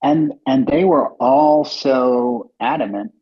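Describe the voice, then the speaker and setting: Husky middle-aged man telling stories. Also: medium pitch, slow pace. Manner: animated, acts out quoted dialogue in other voices. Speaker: company co-founder and guest. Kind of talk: casual storytelling interview. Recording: dull lo-fi podcast audio.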